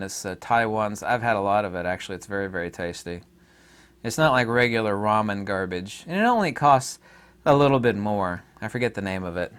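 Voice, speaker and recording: A man's voice: mid-range voice, a bit bright. A man talking to his audience in a casual solo monologue, rambling and emphatic, with many fillers and restarts. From United States. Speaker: online commentator.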